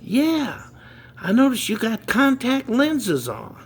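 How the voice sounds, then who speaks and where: A man's voice: extremely high pitch, wildly swooping pitch, slow pace, husky, voice pushed up, exaggerated voice. A man voicing a plain-spoken young male job applicant who answers bluntly.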